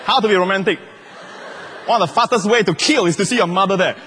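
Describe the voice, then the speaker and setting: A middle-aged man preaching a lively, humorous sermon as a pastor. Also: sits high, fast, long reverb tail, background noise. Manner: animated, humorous preaching with laughter.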